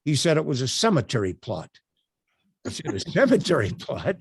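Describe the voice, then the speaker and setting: An older man presenting a sales workshop over a video call, telling stories in an animated way with frequent fillers. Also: mid-range voice, moderate pace, breathy edge, no room sound. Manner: animated, projecting, storytelling with many fillers.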